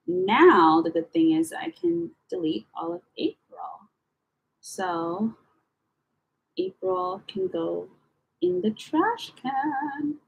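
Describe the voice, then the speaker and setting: A young woman chatting casually to camera as she sorts through her files, rambling and swearing with slangy, animated talk. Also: fairly low pitch, creaky, husky, low-quality recording. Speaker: vlogger.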